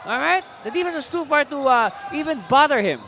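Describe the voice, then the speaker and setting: High-pitched Filipino basketball commentator man. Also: fairly quick. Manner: excited, frequent fillers. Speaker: play-by-play commentator.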